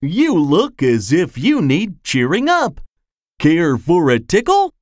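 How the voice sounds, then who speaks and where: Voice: medium pitch, huge pitch swings, slow pace, no room sound, clean studio sound. A narrator voicing a cheerful, long-armed male storybook character who is always looking for someone to tickle. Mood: jolly. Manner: bright and jolly. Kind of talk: storybook reading.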